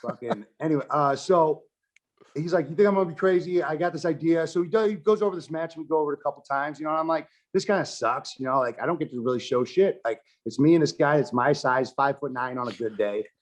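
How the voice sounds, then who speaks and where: A man tells his stories loosely and profanely, with a voice that swings up and down as he plays each part. It comes across as a relaxed, unscripted podcast conversation. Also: a little high, fast talker. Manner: animated, swears constantly, acts out quotes. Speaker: podcast guest, wrestler and filmmaker. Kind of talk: casual storytelling chat.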